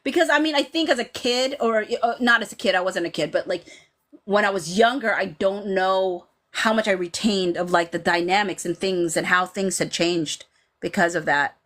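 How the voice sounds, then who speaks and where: A woman's voice: medium pitch, normal speed. Chatty woman hosting a live stream. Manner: animated, chatty, lots of fillers, quotes scenes dramatically. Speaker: podcast host reading live chat. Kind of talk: casual live-stream chat.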